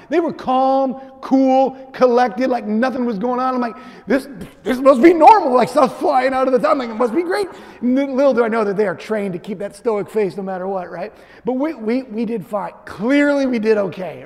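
A man preaching a sermon, telling a personal story in a lively way with frequent "right?" asides. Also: very high-pitched. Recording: echoey hall reverb.

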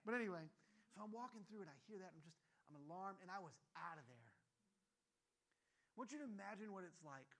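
A man preaching a sermon as pastor, telling a story in a conversational way with many asides and sudden loud exclamations. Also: high voice, brisk, pauses often. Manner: animated, acts out scenes with sudden loud exclamations.

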